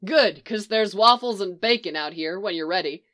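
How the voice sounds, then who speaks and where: A cheerful young husband talks with easy fondness about the people he cares for, voiced by a woman reading aloud. His lines come out relaxed and friendly. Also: medium pitch, moderate pace, lightly acted. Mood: fond. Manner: fond, easygoing.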